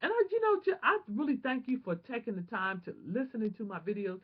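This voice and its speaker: A woman vlogger telling a personal testimony in an animated, emotional, prayerful way, on a dull lo-fi home recording. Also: fairly high pitch, a little fast, slightly rough.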